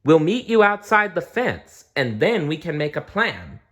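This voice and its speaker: A man's voice: high-pitched, big pitch swings, a little slow, bright, forceful tone, pitched above the performer's own voice, exaggerated voice. A man voicing an eager young male koala in a children's storybook. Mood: urgent.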